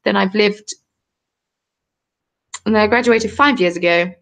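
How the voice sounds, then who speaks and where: A woman's voice: medium pitch, measured pace, vocal fry, fairly bright tone. A woman in her twenties with a southern English accent, chatting casually on a live stream while knitting and answering viewer comments. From southern England. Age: 20s. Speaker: crafting channel host. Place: cold home.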